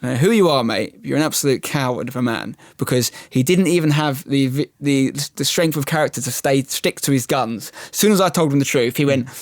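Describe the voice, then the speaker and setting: A man's voice: mid-range voice, a little fast, few pauses, dry recording, studio quality. A man, a guest on a casual podcast, telling a story animatedly and acting out the dialogue, swearing freely. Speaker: podcast guest, football YouTuber.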